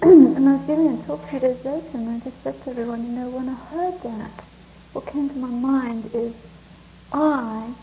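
A woman teacher giving a spiritual talk to a live audience, telling stories in a soft, reflective and hesitant way. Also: high-pitched, a little hiss or hum. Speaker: meditation teacher. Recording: echoey, muffled room recording with faint ambience.

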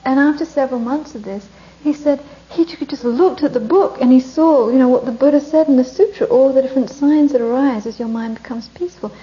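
A woman with a fairly high but mellow, soft-edged voice gives a relaxed Buddhist dharma talk. She keeps it conversational, tosses in rhetorical questions and laughs easily as she teaches. The recording is dull and lo-fi. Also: a little fast, few pauses.

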